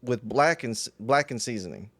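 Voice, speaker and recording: A young adult man co-hosting a casual comedy podcast, talking in an animated way with frequent swearing and quick restarts. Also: mid-range voice. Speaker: podcast co-host.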